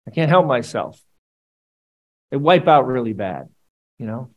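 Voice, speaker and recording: Animated man preaching. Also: mid-range voice, measured pace, long pauses, poor audio. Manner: conversational, animated preaching with playful asides. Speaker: pastor. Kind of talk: sermon.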